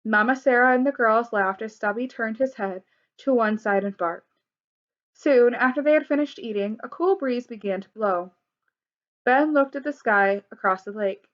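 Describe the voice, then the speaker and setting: A woman reading a children's story aloud in a clear, expressive way. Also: on the high side, normal speed. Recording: dull lo-fi recording.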